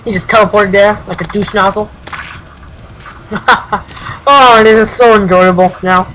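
A young man giving casual let's-play commentary, excitable and swearing often, jumping into high exclamations. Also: a little slow, a little hiss or hum, poor audio. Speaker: gameplay commentator.

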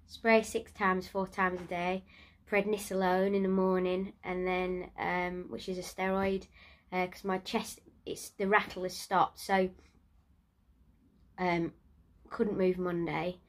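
Woman, home vlogger, ill and exhausted, nasal, monotone, halting delivery. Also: mid-range voice. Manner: tired, breathy and halting, trailing off. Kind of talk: casual video diary. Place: in bed at home.

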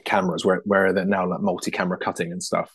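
A British man talking as a puppeteer guest in a casual interview. He is animated, laughs often and restarts his sentences quickly. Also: sits low, husky, no room sound. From United Kingdom.

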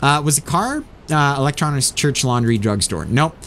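A man hosting a let's play, talking through the game in an animated, self-mocking way. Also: medium pitch, normal speed, a little hiss or hum. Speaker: gaming channel host.

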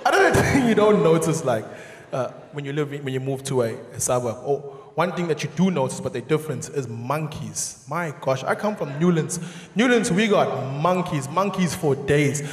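This stand-up comedian, a South African man in his thirties, talks at normal speed in a high voice with a wide pitch range. He animatedly plays shouting neighbours and chuckles at his own material. The big theatre gives a roomy, long-reverb live sound, with a faint crowd in the background.

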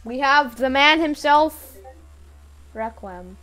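A streamer giving excited live commentary while playing a game with viewers, breaking into hyped shouts and chants. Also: high-pitched, slow, soft background music. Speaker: livestreaming gamer playing with viewers.

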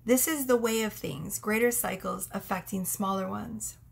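A woman's voice: mid-range voice, moderate pace, vocal fry, breathy edge. A young woman giving a casual tarot reading, effusive and emotional as she reads out cards. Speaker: tarot reader.

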